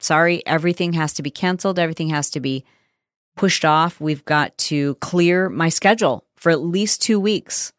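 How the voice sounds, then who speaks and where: A woman's voice: low voice, dry recording, studio quality. A middle-aged woman hosting a podcast, telling a personal story in a candid, emotional, self-reflective way. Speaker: podcast host.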